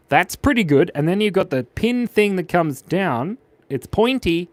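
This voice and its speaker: A man's voice: a little high, a little slow, no room sound. Aussie guy drawing live for his viewers, bouncy sing-song voice, goofy and chatty, super dry close sound. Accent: Australian. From Australia. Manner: playful, animated, reads viewer chat aloud. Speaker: live drawing stream host. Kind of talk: live-stream chat while drawing.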